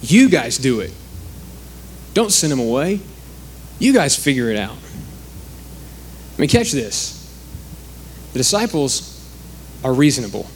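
A man's voice: mid-range voice, sing-song, unhurried, long pauses, slight background noise. A man preaching a sermon in a conversational way, acting out the quoted speakers.

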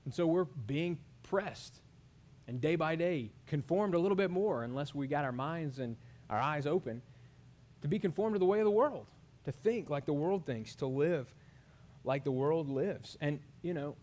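A man's voice: on the high side, lively intonation, moderate pace, a little mellow. A man, preaching a sermon and putting earnest questions to his congregation. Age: 30s. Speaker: pastor.

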